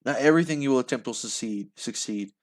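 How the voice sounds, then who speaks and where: A man reading a novel aloud and voicing a calm adult monster hunter who reassures a boy. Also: mid-range voice, quick pace, lightly acted.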